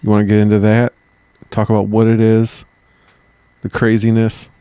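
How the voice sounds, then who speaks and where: A man's voice: lowish voice, completely flat delivery, moderate pace, warm tone, clean tone, no echo. A man co-hosting a history podcast in a jokey way, swearing freely and laughing often. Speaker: podcast co-host. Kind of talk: casual history podcast chat.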